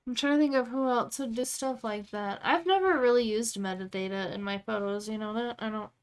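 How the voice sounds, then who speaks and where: A woman with a slightly high-pitched voice talks loosely to her viewers. She rambles and thinks aloud, with lots of easy, chatty asides. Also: brisk, smooth. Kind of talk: casual live-stream chat.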